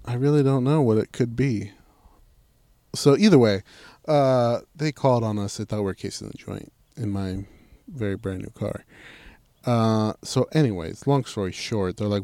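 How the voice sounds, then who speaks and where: Sitting in a parked car at night, a co-host of a crude podcast tells a loose story packed with swearing, acting out the quotes. He has a lowish, warm voice at a moderate pace, recorded dry.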